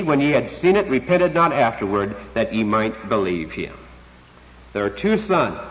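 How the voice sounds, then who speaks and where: A man preaching with a very lively, swooping delivery, leaning hard on key words and drawing them out for emphasis. His voice rings with a long reverb tail, as if in a large church, and the recording sounds dull and lo-fi. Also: fairly high pitch. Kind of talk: expository sermon.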